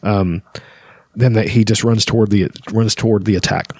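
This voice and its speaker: Man, book discussion, low voice, casual, lots of ums, dry close sound. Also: fairly even intonation, normal speed, darkish tone, husky, dry recording. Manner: conversational, frequent filler words. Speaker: book reviewer.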